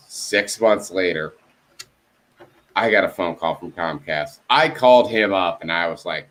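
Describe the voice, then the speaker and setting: A co-host on a casual video call tells a story full of swearing, acting out both sides of phone calls. He has a fairly low, slightly bright voice and talks a little fast.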